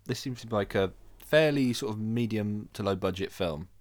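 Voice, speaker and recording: A man's voice: fairly low pitch, moderate pace, a little mellow. A young man co-hosting a podcast, telling stories with lots of laughter and swearing. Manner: laughing storyteller, swears freely, jumps into voices. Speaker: podcast co-host. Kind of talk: casual chat.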